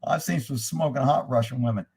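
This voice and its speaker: A man's voice: mid-range voice, brisk, a little mellow, slightly rough. A middle-aged man hosting a livestream, talking in a heated, profane way as he reacts to chat. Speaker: livestream host. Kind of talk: casual ranting livestream chat.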